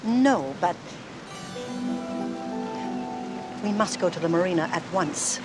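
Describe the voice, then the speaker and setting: A woman's voice: on the low side, expressive, moderate pace, music in the background, natural voice. Jessica Fletcher, a woman playing her: shrewd amateur sleuth. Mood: urgent. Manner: crisp, firm, probing. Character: shrewd, inquisitive woman sleuth, firm and composed. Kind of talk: television drama acting. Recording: noisy TV soundtrack.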